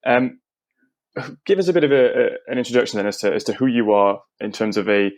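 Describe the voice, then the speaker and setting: A man's voice: fairly low pitch, animated, a little fast, darkish tone. A man hosting a business podcast, enthusiastic and stumbling over restarts as he asks questions. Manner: enthusiastic, with hesitant restarts when asking. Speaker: podcast host. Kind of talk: interview hosting.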